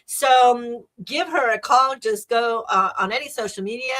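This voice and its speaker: A woman's voice: a little high, normal speed, a bit bright. A woman hosting a podcast, talking in a chatty, rambling and enthusiastic way. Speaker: podcast host. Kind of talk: casual solo podcast talk.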